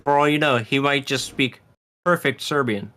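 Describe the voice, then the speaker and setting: A man on a tech podcast, teasing his co-hosts in a wry, deadpan way. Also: medium pitch, moderate pace. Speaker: podcast co-host. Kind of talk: casual podcast chat.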